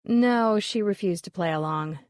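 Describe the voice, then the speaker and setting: A woman reading the part of a dismissive, sharp-tongued woman appraiser, with a wry, offhand delivery. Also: mid-range voice, a little slow, dry recording, clean studio sound, lightly acted.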